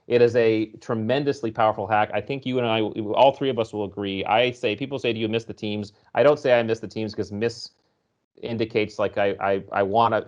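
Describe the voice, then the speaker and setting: A man being interviewed as a guest author, explaining ideas and telling stories in a lively conversational way. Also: on the low side, dull audio. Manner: storytelling, explanatory, animated when recounting.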